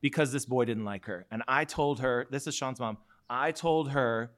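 A man from Seattle telling a personal story in a live podcast conversation, relaxed and quick to laugh. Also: medium pitch.

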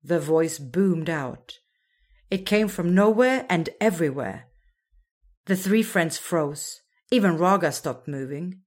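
A woman narrating a children's storybook in a slow, expressive storytelling manner. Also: on the low side.

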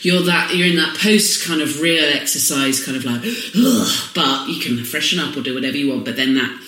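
A man hosting a podcast in casual chat, animated and quick to laugh. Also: on the high side. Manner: animated, laughs easily, explains at length. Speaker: podcast host. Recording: roomy sound.

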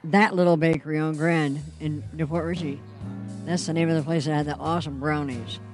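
A woman's voice: sits low, fairly even intonation, brisk, faint music behind. A woman guest chatting in a bubbly, giggly way at a live event.

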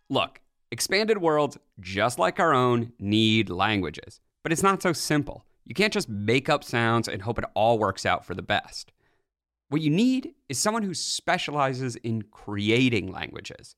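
Lively joking male podcast host. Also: mid-range voice, measured pace, over music. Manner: lively, jokey, self-mocking. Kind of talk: scripted intro then casual interview.

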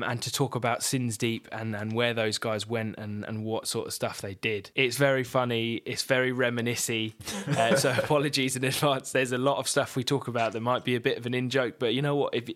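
A man's voice: medium pitch, steady tone, fairly quick, a bit bright. Young man, podcast host, jokey and easygoing. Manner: chatty, jokey, laughs easily. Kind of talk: casual chat.

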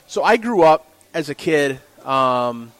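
A man's voice: fairly high pitch, slow, dry recording, rough recording. A man, a sports director telling rambling stories in a casual podcast interview. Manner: rambling, animated storytelling with restarts. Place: restaurant.

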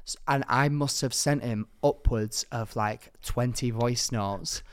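A young man co-hosting a podcast, telling stories in a lively, animated way. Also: mid-range voice, slow pace, clear, resonant tone. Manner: animated, camp storytelling with rising impressions. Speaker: podcast co-host. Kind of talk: casual chat.

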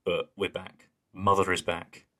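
Low-voiced man, joking podcast host. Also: flat delivery, unhurried, bright, forceful tone. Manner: sweary, joking, reads listener emails aloud. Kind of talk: casual chat.

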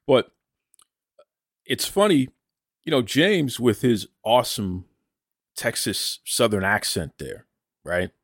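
A Boston man with a rhotic New England accent hosts a wrestling podcast, chatty and enthusiastic, calling listeners "folks" during a casual monologue with an ad read. His mid-range voice swings widely in pitch, moves slowly with long pauses, and the studio sound is clean with no echo.

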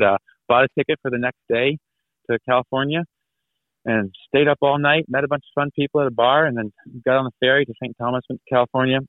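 With a mid-range voice and no room sound, a man in his thirties joins as a guest on a tinny phone-like call. He tells a long, rambling travel story in a casual way, laughing as he performs the people in it.

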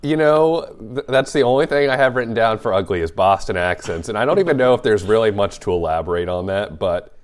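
A man's voice: fairly low pitch, animated, a little fast. A man co-hosting a movie podcast in casual chat, joking and playful. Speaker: podcast co-host.

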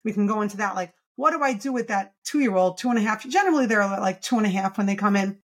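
Talking fast in a medium-pitched voice, a woman guesting on a podcast interview, a pediatric speech-language pathologist, explains things enthusiastically and emphatically while posing rhetorical questions.

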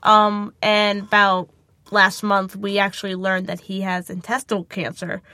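A woman's voice: medium pitch, a little slow, dry recording. A woman co-hosting a casual podcast from a small closet at home, sarcastic, swearing and dry-humored. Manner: sarcastic, swears, deadpan asides. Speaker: podcast co-host. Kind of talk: casual chat.

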